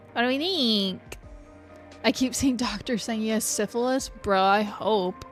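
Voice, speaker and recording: A woman's voice: fairly high pitch, measured pace. A young adult woman streaming a game, chatting casually in a rambling way, swearing freely and laughing often. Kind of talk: casual chat while playing a game. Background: faint background music.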